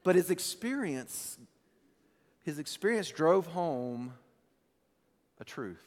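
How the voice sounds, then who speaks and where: Preaching as pastor with a fairly high pitch, a man tells a story that moves from animated bursts to a hushed, slow delivery. The sound carries a long reverb tail.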